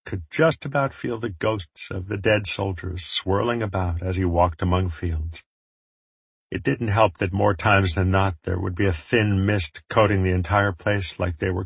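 A man's voice: deep voice, gravelly, husky, no echo. A man narrating an audiobook in the first person, with a wry, reflective storytelling manner.

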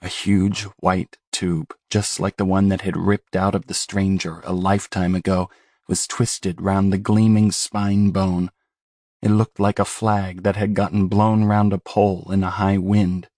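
A man narrating a horror novel as an audiobook, in a measured, grave and steady delivery. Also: low-pitched, no echo, clean studio sound.

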